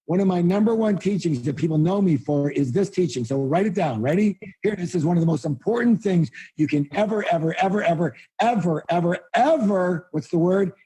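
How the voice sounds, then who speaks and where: A man delivering a motivational seminar in a blunt, emphatic way, throwing rhetorical questions at the crowd. His voice sits a little high but sounds mellow and husky, and he often breaks into loud, high exclamations. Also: expressive, brisk, few pauses. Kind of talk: live motivational seminar talk.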